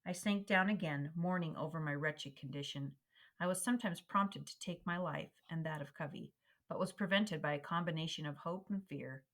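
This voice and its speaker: A woman reading a historical memoir aloud in a measured, expressive way, slowing down for emphasis. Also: low voice. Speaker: reader.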